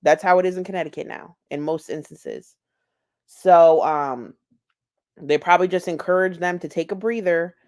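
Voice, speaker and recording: A woman's voice: fairly low pitch, moderate pace. A woman giving casual, profane, gossipy commentary over video clips. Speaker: commentary YouTuber.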